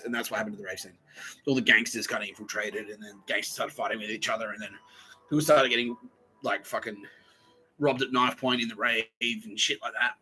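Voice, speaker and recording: A man's voice: fairly low pitch, steady tone, brisk, sharp tone, husky, soft background music, rough recording. A man hosting a podcast, talking in a rambling, profane solo monologue and acting out quotes in voices. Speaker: podcast host.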